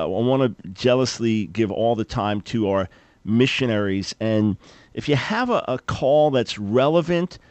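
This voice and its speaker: A man's voice: medium pitch, no room sound. Emphatic older male radio host. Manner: animated, emphatic, repeats words when starting. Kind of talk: radio talk show with fundraising appeal. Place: radio studio.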